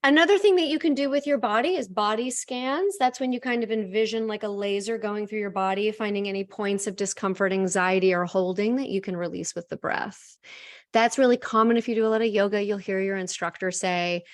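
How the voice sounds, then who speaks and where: A young woman coach talks candidly and chattily, explaining breathing techniques in a relaxed, instructional way. Her voice sits at an ordinary middle pitch. The recording is dry and close, with no room sound. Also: brisk, dry recording. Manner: chatty and candid, with frequent fillers. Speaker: host and coach. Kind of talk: casual instructional talk.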